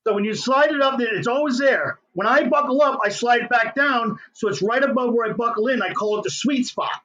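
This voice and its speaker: A middle-aged man, an inventor telling his story as an interview guest in an excitable, hyper way. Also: extremely high pitch, a little fast, poor audio.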